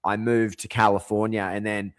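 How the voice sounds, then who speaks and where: A man's voice: on the low side, level tone, normal speed, smooth, no room sound. A middle-aged man, talking to camera in a rambling, digressive monologue full of asides. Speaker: vlogger.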